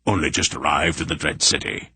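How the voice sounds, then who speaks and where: A man reading an audiobook, voicing a crafty old sorcerer who smoothly plays a humble pilgrim with a guttural put-on accent. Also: rumbling low, a little fast, pushed and bright, no room sound, exaggerated voice. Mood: deferential. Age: older.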